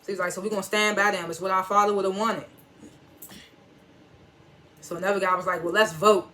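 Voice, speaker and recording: Bright-voiced casual TV recap host. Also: medium pitch, fairly even intonation, brisk. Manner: storytelling, quotes characters with "he was like"; chuckles and reacts while retelling. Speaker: TV episode reviewer.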